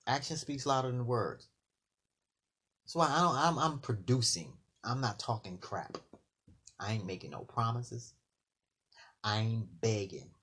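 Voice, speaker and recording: A man in a casual late-night monologue, an animated storyteller who acts out bits of dialogue. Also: medium pitch, a little slow, long pauses, husky.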